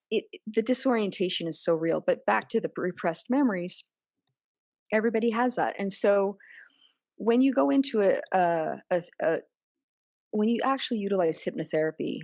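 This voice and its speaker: In a personal interview conversation, a woman appears as a podcast guest and speaks earnestly, often acting out remembered dialogue in other voices. Her voice is medium-pitched with vocal fry, and the studio sound is clean with no echo.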